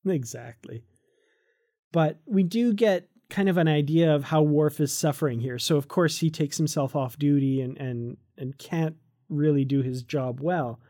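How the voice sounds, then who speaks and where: Podcast co-host, chatty and enthusiastic, mellow tone, mid pitch, laughs a lot. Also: unhurried. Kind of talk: casual chat reviewing a comic.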